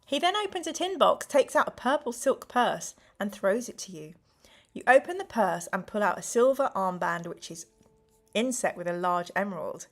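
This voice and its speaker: A woman's voice: medium pitch, expressive, normal speed. A woman hosting a live stream, reading a gamebook aloud to her chat in a playful, exclamatory way.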